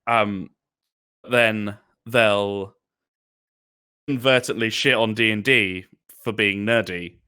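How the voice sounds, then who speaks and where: A young man chatting as a podcast guest, animated and casual, and swearing freely. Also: fairly low pitch, takes it slowly, pauses often, clean tone. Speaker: guest, D&D player.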